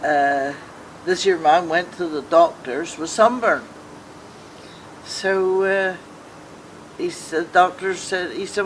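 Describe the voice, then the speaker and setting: A woman's voice: lowish voice, slow pace, slight background noise, rough recording. An older woman, telling jokes to friends and briefly voicing each character in a homely way. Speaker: joke teller.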